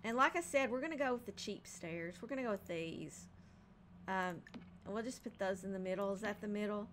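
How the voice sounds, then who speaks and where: A woman's voice: medium pitch, fairly quick, a bit bright, a little hiss or hum. A woman casually narrating her home build in a game, thinking aloud with frequent ums and hesitations. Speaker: game building video creator.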